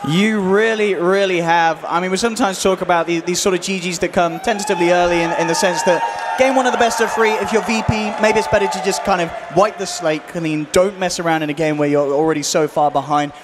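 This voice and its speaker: Male esports caster, high voice, excitable shouting play-by-play, noisy broadcast. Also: fairly quick, a crowd in the background. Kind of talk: play-by-play commentary.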